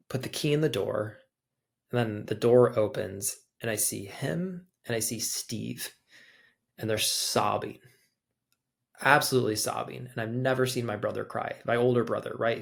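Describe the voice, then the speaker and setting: A man's voice: lowish voice, gravelly. A young adult man, a podcast guest, telling a personal story in loose, casual conversation, peppered with "like". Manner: loose, conversational, heavy use of filler "like".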